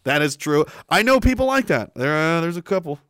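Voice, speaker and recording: A man's voice: on the high side, very animated, brisk, a bit bright, clear, resonant tone, no room sound. A man hosting a livestream, chatting casually and sarcastically while reading out chat messages, laughing often and swearing freely.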